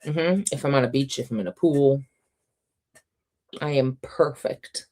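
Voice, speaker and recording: Chatty woman host on a reading stream, low warm voice, kinda scratchy and sore. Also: unhurried. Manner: chatty, reads out chat comments, laughs often. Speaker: reading sprint livestream host. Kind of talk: casual livestream chat.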